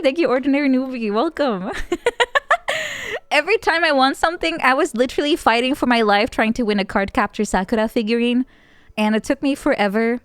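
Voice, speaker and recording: A woman VTuber chatting casually on stream, playful and giggly, with sudden bursts of excitement. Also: high-pitched, normal speed, no echo.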